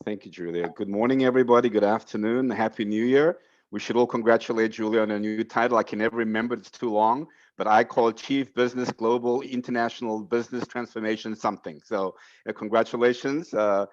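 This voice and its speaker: A man's voice: on the low side, steady tone, brisk, muffled recording. A man giving a motivational sales coaching talk on a team video call, emphatic and direct, laying out numbered points to his reps.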